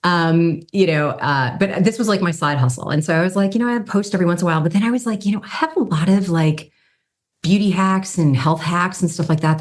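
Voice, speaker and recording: This interview guest is a woman in her fifties with a low voice, working as a brand strategy consultant and model. She's animated while casually telling stories, jumping in pitch to act out the people she quotes.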